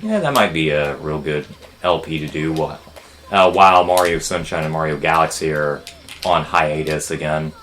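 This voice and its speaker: A young man hosting a let's play, chatting casually and rambling with jokes and loud outbursts at the game. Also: sits low, a little hiss or hum. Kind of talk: casual gameplay commentary.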